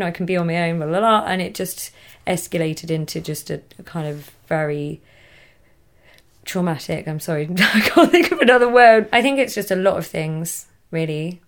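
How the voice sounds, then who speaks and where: Speaking in a deep voice, a young woman with an English accent talks casually as a guest about a difficult time she went through. She laughs a lot and often trails off mid-thought.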